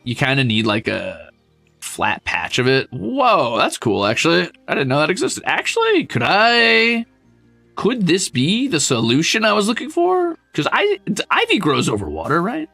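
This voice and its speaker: Gravelly, lively male streamer. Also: fairly high pitch, moderate pace, no room sound, soft background music. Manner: animated, swearing, self-mocking. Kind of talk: casual game stream chat.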